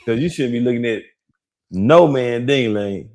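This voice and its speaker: A man's voice: medium pitch, lively intonation, moderate pace, a little mellow. Laid-back Detroit man gossiping. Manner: laid-back, drawling, laughs often. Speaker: gossip show co-host. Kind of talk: casual gossip chat.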